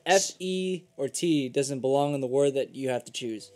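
A man's voice: medium pitch, normal speed, over music. A man chatting with friends during a game, laughing easily and telling stories. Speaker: let's play co-host. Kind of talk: casual gaming banter.

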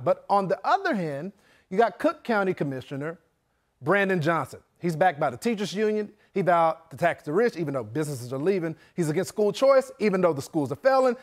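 A man hosting a cable news segment, delivering a scripted, opinionated monologue with emphatic delivery. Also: a little high. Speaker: news host.

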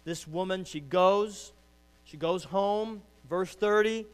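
A man preaching a sermon as pastor, urging loudly and then dropping to quiet pleading. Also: sits high, slow, clean tone. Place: church sanctuary.

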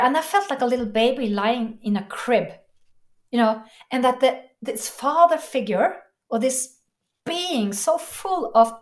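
A woman interview guest telling a personal story in an earnest, emotional way, halting and restarting. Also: high-pitched.

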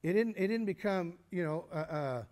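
A man teaching a church Bible study, explaining step by step, posing questions and answering them himself, with frequent halting restarts. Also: high voice, animated, darkish tone. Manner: halting restarts, clears throat.

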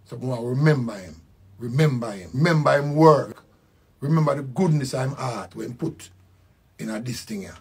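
An older man with a Jamaican accent giving a slow, reflective spoken tribute, repeating his phrases. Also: mid-range voice, lively intonation, a little mellow. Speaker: musician.

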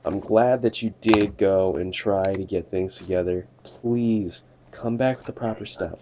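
Slow-talking man joking through a game. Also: sits low, steady tone, dark tone, slight background noise. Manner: jokey, swears and laughs, talks to the game characters. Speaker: gamer doing a let's play. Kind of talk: casual game commentary, playing a border inspector.

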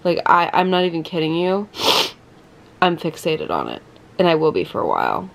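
A young woman vlogging at night, talking into her phone in a gushing, excited way and saying "like" a lot. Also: sits low, moderate pace, gravelly. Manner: gushing, excited, heavy use of "like". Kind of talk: casual chat to camera. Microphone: phone held in hand.

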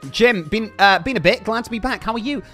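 Bright-voiced, high streamer guy. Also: fairly quick, faint music behind. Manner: upbeat, reads out chat names and thanks donors. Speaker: livestreamer. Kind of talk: casual livestream chat.

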